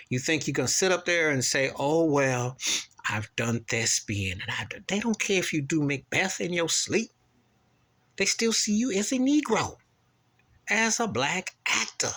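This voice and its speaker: A man vlogger delivering a preachy, impassioned opinion rant to camera, repeating his points and jumping into sudden high-pitched outbursts. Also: pushed and bright.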